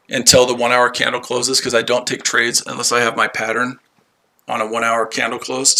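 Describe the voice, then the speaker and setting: Talking straight to his chat, this male streamer is combative and profane, looping back to the same phrases again and again. His mid-range voice comes across very bright and cutting.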